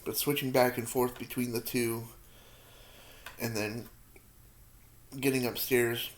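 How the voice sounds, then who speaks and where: Slow and flat, this mid-range male voice belongs to a man in his thirties fielding viewer questions as he eats hot peppers. He rambles, pokes fun at himself, talks with his mouth full at times, and feels the burn.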